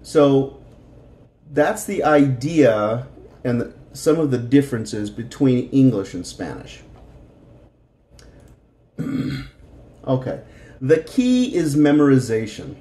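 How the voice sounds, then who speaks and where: A man's voice: medium pitch, big pitch swings, takes it slowly, long pauses, warm tone, roomy sound. A middle-aged man teaching a Spanish lesson, patiently explaining grammar and repeating words for practice.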